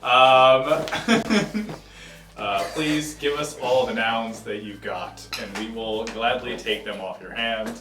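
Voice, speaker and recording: A man hosting a live improv comedy stream, playful and quick to laugh as he sets up games. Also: on the low side, fairly even intonation, distant mic, noisy background. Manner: playful, laughing, loose game host. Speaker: host. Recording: roomy sound from away from the mic.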